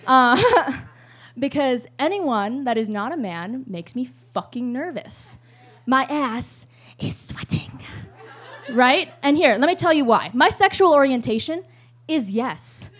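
A young adult woman performing a live stand-up set, telling profane, animated stories with loud outbursts and frequent laughter mid-sentence. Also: sits high, measured pace, husky. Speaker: stand-up comedian. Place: live show stage.

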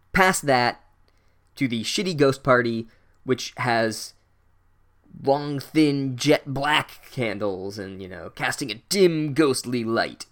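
A man's voice: mid-range voice, a bit bright. A man giving a casual comedic book recap, sarcastic and full of swearing. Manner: profane, sarcastic.

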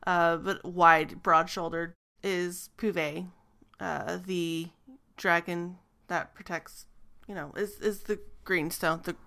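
Smooth gravelly woman narrating as game master. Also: fairly low pitch, steady tone, takes it slowly, hardly any pauses, sharp tone. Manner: descriptive, hesitant with frequent ums.

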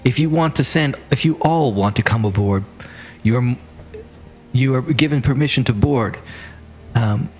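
A man's voice: medium pitch, pitched above the performer's own voice. A man voicing a formal, composed female envoy speaking down from an airship. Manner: formal, measured.

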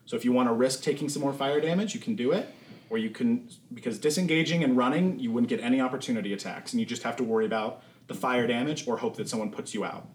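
A man running a tabletop game as game master, narrating and explaining the rules in a relaxed, casual way with many fillers. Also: mid-range voice, fast talker. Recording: echoey room with faint noise.

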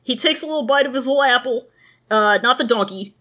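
A woman's voice: a little high, fast, bright, forceful tone. A woman co-hosting a casual book discussion, giggly and swearing freely.

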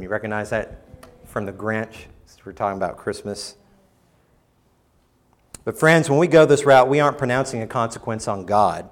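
A pastor preaches expressively at a moderate pace, pausing often as he moves from emphatic bursts to low, quiet stretches. Quoted lines sometimes get acted out in mock voices.

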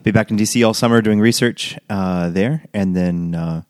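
A man's voice: fairly low pitch, darkish tone, dry recording, studio quality. A man as a guest in a casual chat, telling easygoing stories. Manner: quick, easygoing storytelling. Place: in Rome, Italy.

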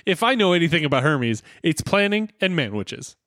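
Lively man chatting on a podcast. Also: on the high side, no room sound, clean studio sound. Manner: animated, playful, quick to laugh. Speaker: podcast co-host. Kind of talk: casual episode recap chat.

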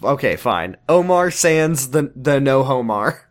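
A man co-hosting a podcast in casual chat, animated, laughing often and swearing. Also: medium pitch, unhurried. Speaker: podcast co-host.

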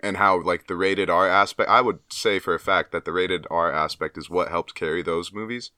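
A man's voice: low voice, steady tone, moderate pace, bright, forceful tone, no echo, studio quality. A young man co-hosting a podcast, chatting casually in a rambling, filler-heavy way and swearing freely. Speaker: podcast co-host. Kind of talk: casual chat.

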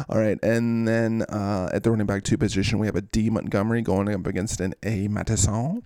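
A man's voice: fairly low pitch, fairly even intonation, brisk, mellow, dry recording, clean studio sound. A man hosting a podcast, giving casual fantasy sports commentary with goofy, rambling asides. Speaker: podcast host.

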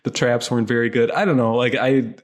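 A man's voice: medium pitch, fairly even intonation, brisk. A man co-hosting a casual film chat, joking in a dry way and often laughing. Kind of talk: casual chat about films.

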